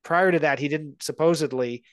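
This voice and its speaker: A man's voice: fairly high pitch, normal speed, clean tone, no echo. Man, guest film analyst, thoughtful and rambling delivery, dry close sound. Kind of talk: casual conversation.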